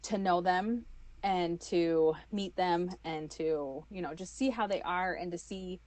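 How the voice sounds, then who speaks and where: A woman, telling her own story as an interview guest, animated and full of fillers. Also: fairly low pitch, measured pace, no room sound. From United States. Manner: animated, acts out quoted voices, many fillers.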